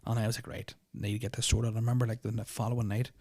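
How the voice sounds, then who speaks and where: A man's voice: medium pitch, flat delivery, very fast, darkish tone, no echo, studio quality. A young man, telling a personal story on a podcast in a rambling, nervous way, full of fillers and swearing. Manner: nervous, uneasy retelling. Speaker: podcast host. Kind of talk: casual storytelling of personal experiences.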